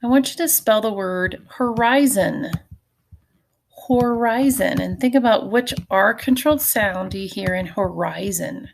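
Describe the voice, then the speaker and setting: A woman's voice: medium pitch, normal speed, vocal fry, hardly any pauses, slight background noise. A middle-aged woman teacher giving a recorded phonics lesson, patiently sounding out syllables and letters for her students.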